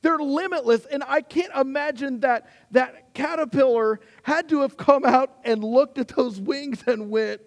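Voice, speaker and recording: A man preaching as a pastor, animated in his storytelling, acting out quotes with sudden rises and then slowing and dropping low on key words. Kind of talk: sermon.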